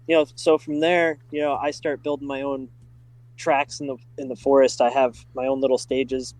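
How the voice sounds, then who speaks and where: A middle-aged man who works at a driving school guests on a podcast, telling stories in a casual, excited chat full of fillers like "like" and "uh." His mid-range voice moves at normal speed, with no echo but low recording quality.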